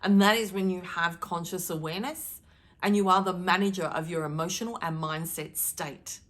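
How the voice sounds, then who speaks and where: Middle-aged woman, lowish voice, emphatic and animated, doing a channeled card-reading message. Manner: emphatic, animated, deliberately shifting tone. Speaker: spiritual card reader. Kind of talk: channeled daily message to viewers.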